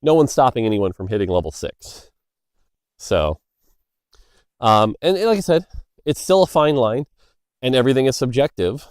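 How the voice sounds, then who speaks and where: A man's voice: mid-range voice, very animated, moderate pace, long pauses, a little mellow, dry recording, clean studio sound. A man, a game designer, chatting loosely outdoors on a walk, answering questions with lots of fillers and side stories. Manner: loose, filler-heavy, storytelling. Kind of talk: casual Q&A monologue. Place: outdoors walking by a road.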